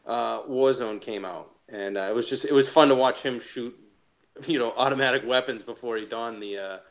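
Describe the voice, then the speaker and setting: A man chatting casually as a podcast guest, telling stories with animated, profane energy. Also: mid-range voice, normal speed. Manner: animated, laughing, profane storyteller. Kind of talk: casual chat.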